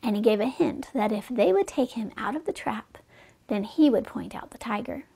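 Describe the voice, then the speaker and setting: A woman reading fables aloud to children as a storyteller, with gentle, chatty asides to her listeners. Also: on the high side, expressive, moderate pace, gravelly, slightly rough.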